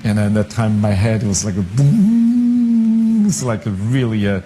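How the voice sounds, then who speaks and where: A man's voice: medium pitch, unhurried, soft background music, low-quality recording. A man with a Chinese accent, a stage actor telling stories in an interview, acting out what people said and chuckling. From China. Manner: lively anecdotes, acting out quoted voices, chuckling. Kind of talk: interview storytelling.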